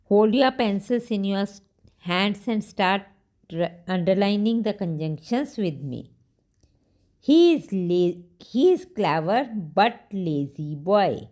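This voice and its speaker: A woman's voice: mid-range voice, animated, takes it slowly, darkish tone. A woman teaching a grammar lesson to young children, patient, repeating each sentence and spelling words out.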